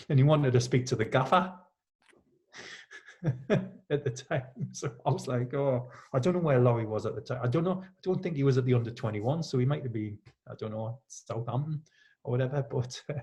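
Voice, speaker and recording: A man with a Geordie accent, a former footballer in his fifties, talks easily as a podcast guest. He tells stories and acts out the voices of the people in them. His voice sits at an ordinary pitch for a man. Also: moderate pace, long pauses, a little mellow. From Newcastle, England. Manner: storytelling, acts out quoted lines with laughs. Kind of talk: relaxed anecdotal chat.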